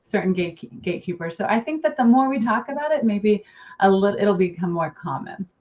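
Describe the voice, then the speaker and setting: A woman's voice: mid-range voice, expressive, brisk, darkish tone. A middle-aged woman, a relationship therapist, talking earnestly as a podcast guest with light laughs now and then. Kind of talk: podcast interview. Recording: dull lo-fi sound.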